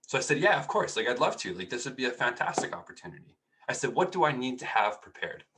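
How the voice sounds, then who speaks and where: A man's voice: medium pitch, sing-song, fast, background noise. A young man giving a casual, chatty talk, telling a personal story with many restarts. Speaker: speaker.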